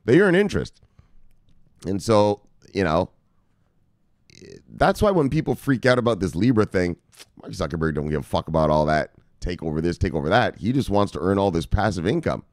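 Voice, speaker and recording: Male crypto news host, low voice with big swings in pitch, swears and laughs, dry close sound. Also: dry recording. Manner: animated, swearing, laughing, drawn-out asides. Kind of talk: casual profane news commentary.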